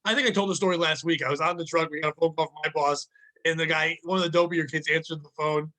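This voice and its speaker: A man co-hosting a podcast, telling work stories in a casual, profane, animated way and acting out the people in them. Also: fairly high pitch, fast talker, low-quality recording. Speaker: podcast co-host. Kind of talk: casual storytelling chat.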